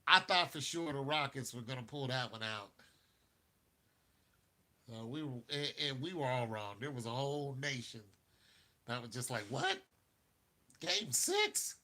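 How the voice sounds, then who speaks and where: A man hosting a casual basketball talk show, animated, laughing often and talking straight to his viewers. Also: mid-range voice, normal speed, pauses often. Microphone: streaming mic.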